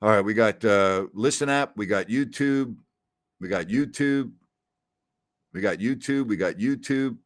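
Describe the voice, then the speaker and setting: Speaking at a measured pace in a lowish voice, this middle-aged host runs a live Q&A stream. He's chatty, mixing stories with viewer comments and frequently repeating names and phrases.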